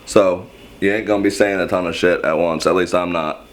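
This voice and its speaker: Low-voiced man casually explaining screaming. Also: fairly even intonation. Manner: rambling, self-deprecating, halting restarts. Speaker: screaming vocal instructor.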